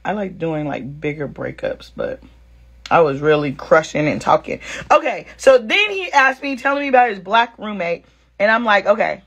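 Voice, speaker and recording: A woman's voice: medium pitch, normal speed, husky, highs cut off. A woman vlogger chatting casually at home, telling viewers a dating story with slang and acting out both sides of the conversation. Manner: animated, talks straight to viewers, acts out both sides of the story; slangy, calls viewers girl and sis. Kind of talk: casual storytime chat to camera.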